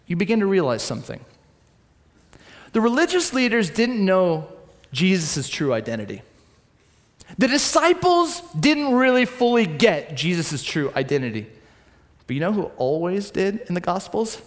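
Young male pastor, high voice, preaching in a church hall with long reverb; dramatic storyteller who drops to a hush. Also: sing-song, measured pace, long pauses. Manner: storytelling, swings between loud and hushed. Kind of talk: sermon.

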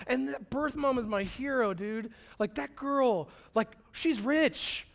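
A man's voice: extremely high pitch, takes it slowly, vocal fry, few pauses, fairly bright tone. A man, preaching a sermon as a pastor and telling a personal story in a casual, slangy way, acting out quotes with big swings in volume.

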